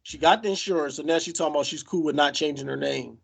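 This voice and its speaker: A man's voice: on the high side, vocal fry, slightly rough. A man co-hosting a podcast, chatting casually in slang and acting out what people said. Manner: slangy, quotes people in quick asides. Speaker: podcast co-host. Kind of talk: casual chat.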